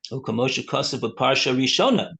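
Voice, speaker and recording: A male rabbi teaching a text class. He reads passages aloud and translates them in a halting way, with many fillers and restarts. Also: medium pitch, animated, fairly bright tone. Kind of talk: slow text study, reading and translating.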